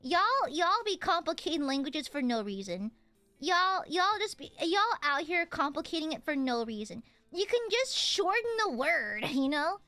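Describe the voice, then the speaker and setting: Faint music plays as a young woman from the American South streams a game, chatting playfully with laughter and teasing. Her high voice swings widely in pitch at a moderate pace, sounding sharp with no echo.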